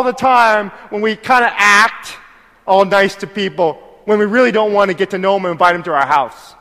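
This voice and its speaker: High-voiced preaching man in a hall. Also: normal speed. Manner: lively, acts out voices, builds to shouted praise. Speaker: pastor. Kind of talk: sermon. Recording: hall reverb.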